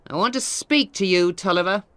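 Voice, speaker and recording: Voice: mid-range voice, normal speed, a bit bright, no room sound, pitched above the performer's own voice, natural voice. A narrator voicing a spiteful middle-aged lawyer who sneers in a raised voice, for an audio storybook. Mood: sneering.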